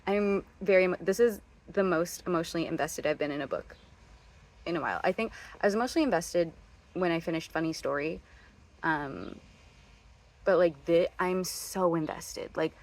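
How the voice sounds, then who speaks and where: Talking on her reading vlog, this twenty-something woman is casual, effusive, and theatrical, sometimes lowering her voice to a whisper. She speaks at a normal speed in a fairly low pitch.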